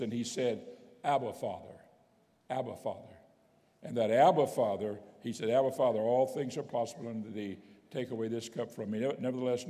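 A man's voice: mid-range voice, warm tone. Preaching man in a reverberant church. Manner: emphatic preaching, repeats key phrases. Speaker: bishop preaching. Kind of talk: sermon. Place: church sanctuary.

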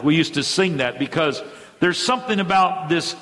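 A middle-aged male pastor preaching a sermon with fervent energy, speeding up and slowing down as he drives points home. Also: on the high side, fairly bright tone. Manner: fervent preaching with sudden swings in pace. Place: church sanctuary. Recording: church hall reverb.

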